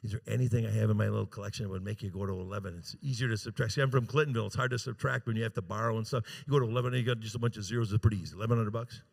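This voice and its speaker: Racing through bids with few pauses, a man auctions for charity at a gala, his low, creaky voice holding a steady tone. He speaks into a handheld mic in a large event room, joking with bidders to draw them in.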